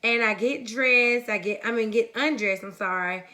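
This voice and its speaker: A young woman from the United States telling a story-time vlog in a lively, chatty way, talking straight to her viewers. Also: on the high side, moderate pace. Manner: casual and chatty, calls viewers honey and baby. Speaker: vlogger.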